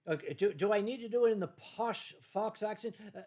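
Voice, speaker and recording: A tipsy man hosting a casual livestream from home, rambling and halting through viewer comments with many fillers and restarts. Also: high-pitched, a little mellow. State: tipsy from wine. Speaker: livestream host.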